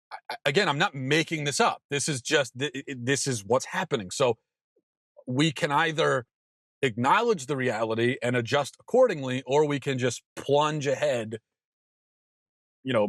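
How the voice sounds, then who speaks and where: A man's voice: medium pitch, fairly bright tone, dry recording, studio quality. A man in his thirties hosting an opinion show, talking emphatically with frequent stammered restarts. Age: 30s. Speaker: podcast host. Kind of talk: opinion monologue.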